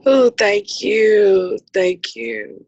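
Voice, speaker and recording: Slow, husky-voiced woman client. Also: medium pitch, darkish tone, no room sound, muffled recording. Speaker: client receiving a reading. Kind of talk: conversation during a reading.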